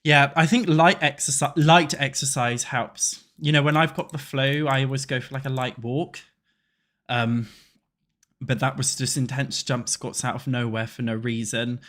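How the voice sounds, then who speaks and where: A man's voice: mid-range voice, steady tone, moderate pace, fairly bright tone. A man with a cold, chatting crudely and joking with his live chat while building in a game. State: congested with a cold. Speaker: streamer. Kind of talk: casual livestream chat while playing.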